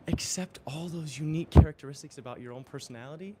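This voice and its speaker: A man's voice: fairly high pitch, brisk, noisy background. A man exercising during a live-streamed motivational talk, earnest and affirming, often chuckling. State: exercising while talking. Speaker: spiritual coach.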